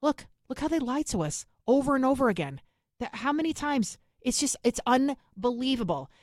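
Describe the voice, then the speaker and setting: A woman's voice: sits high, big pitch swings, darkish tone, no echo, studio quality. A woman from New York City with a New York accent, hosting an opinionated political monologue in an indignant, emphatic way. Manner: indignant, emphatic, rapid asides. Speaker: political commentary host.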